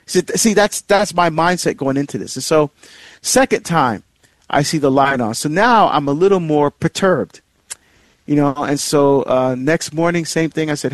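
A man's voice: normal speed, dry recording. Middle-aged man telling a rambling story. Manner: rambling and conversational, with frequent fillers and restarts; rises sharply in pitch when emphasizing a point. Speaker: host of a marriage series. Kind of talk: personal storytelling.

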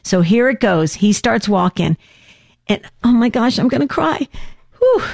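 A woman in her fifties co-hosting a talk show, telling an emotional story with lively voiced quotes. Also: mid-range voice, unhurried, vocal fry, no echo, studio quality. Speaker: co-host.

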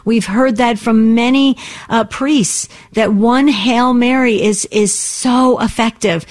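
A woman's voice: a little high, fairly even intonation. Encouraging woman radio host. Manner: warm, encouraging, quick-talking. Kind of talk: talk radio hosting.

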